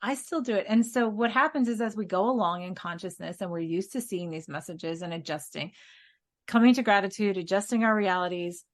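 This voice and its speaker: A woman's voice: medium pitch, brisk. A woman co-hosting a casual spiritual podcast, telling stories in an earnest way and laughing now and then. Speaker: podcast co-host.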